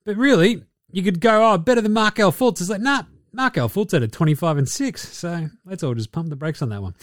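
A man's voice: high-pitched, animated, brisk, no echo, studio quality. An Australian man hosting a podcast, giving a sarcastic, profane basketball recap. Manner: sarcastic, swears freely. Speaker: podcast host.

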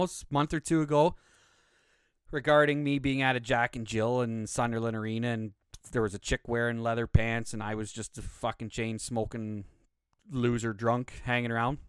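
A man's voice: mid-range voice, clear, resonant tone, no echo, studio quality. A man from Canada, hosting a podcast and telling stories in a blunt, heavily swearing, casual way. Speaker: podcast host. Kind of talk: casual profane storytelling.

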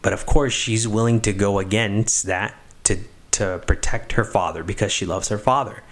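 Man, lowish voice, moralizing talk; stresses key words, stumbles and restarts. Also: fairly even intonation. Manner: emphatic, lingers on key words; halting, with restarts and fillers. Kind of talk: moral reflection on a film.

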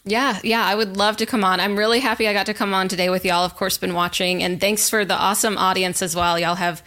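A woman's voice: mid-range voice, steady tone, fast, a bit bright. A woman from the US Southeast, speaking as an upbeat, enthusiastic podcast guest in casual chat.

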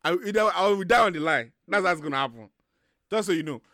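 A man's voice: high-pitched, expressive, fast talker, sharp tone, no echo, clean studio sound. A man, co-hosting a casual group chat and telling boastful, joking stories with some swearing.

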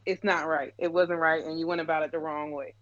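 A man's voice: on the high side, flat delivery, a little fast, fairly bright tone, no echo, highs cut off. A man co-hosting a casual chat, blunt and profane, often cutting in on the others.

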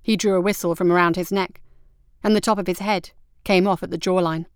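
A woman reads a story aloud in a steady, even manner. Her voice is smooth and crisp. It is recorded close and dry, with no room around it. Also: fairly low pitch, brisk, no echo. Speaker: narrator. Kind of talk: audiobook narration.

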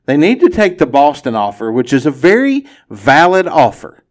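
A man's voice: on the high side, huge pitch swings, normal speed. A man hosting a casual sports podcast, easygoing and opinionated, laughing often. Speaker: podcast host.

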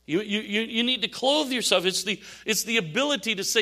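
An older man preaching a sermon, telling animated stories with laughs and asides. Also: high-pitched, fairly quick, few pauses. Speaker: pastor.

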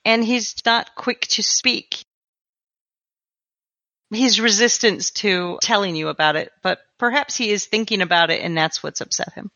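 A woman narrating as game master of a tabletop horror game in a calm, measured way. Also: mid-range voice, no room sound.

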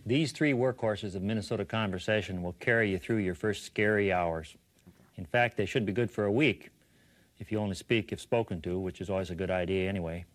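A man narrating an instructional comedy video in a dry, deadpan, mock-instructional manner. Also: on the low side, a little fast. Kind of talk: scripted dry-humored narration.

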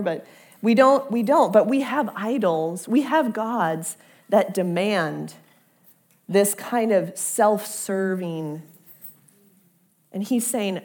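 A woman's voice: medium pitch, darkish tone. A woman preaching a conversational sermon, often repeating words as she builds toward a point.

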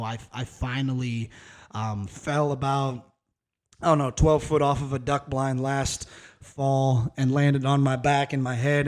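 A man's voice: medium pitch, darkish tone. A man in his thirties talks through a solo podcast episode with a mid-range voice. He rambles loosely and candidly, with frequent cussing and a plain, casual delivery. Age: 30s. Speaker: podcast host.

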